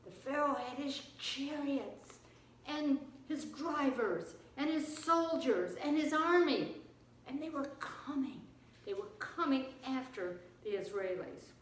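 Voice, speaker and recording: A woman's voice: mid-range voice, slight background noise. Lady reading a bible story to kids in a church, echoey, far from the mic. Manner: explaining, expressive. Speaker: children's Bible teacher. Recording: echoey room, distant mic.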